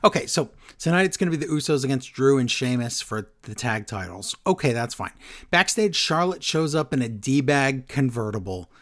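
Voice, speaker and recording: A man co-hosting a casual talk show, recapping events in an animated way and acting out the quotes he retells. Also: normal speed. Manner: animated, acts out quotes with shifting pitch and loudness. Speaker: podcast co-host recapping wrestling. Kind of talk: casual chat.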